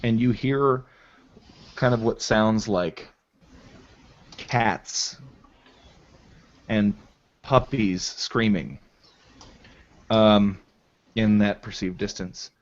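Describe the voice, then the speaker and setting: A man narrating as game master of a tabletop game, in a halting style full of fillers, on a dull lo-fi recording. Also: on the low side. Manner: slow, halting descriptive narration with many fillers.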